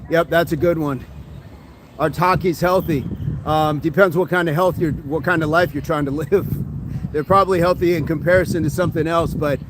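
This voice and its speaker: A man's voice: a little high, fairly even intonation, moderate pace, noisy background. A man hosting a casual fitness livestream outdoors, upbeat, reading viewer comments aloud and answering them between exercise sets. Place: outdoors by a street with passing traffic. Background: passing vehicles and street ambience.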